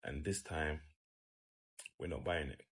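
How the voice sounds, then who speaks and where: A man's voice: extremely low pitch, steady tone, unhurried, husky. A man giving emphatic, laid-back opinion commentary.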